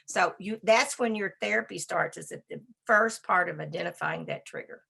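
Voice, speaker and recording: A woman giving a presentation on dog behavior, talking in a brisk, emphatic and conversational way. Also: fairly low pitch, gravelly, sharp tone, slightly rough. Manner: talks to a slide assistant. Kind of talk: presentation lecture.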